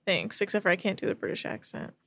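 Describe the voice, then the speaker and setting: A woman hosting a podcast, recapping a show in a chatty, rapid storytelling way with plenty of fillers, close to the mic. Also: lowish voice, sing-song, gravelly, fairly bright tone. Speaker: podcast host.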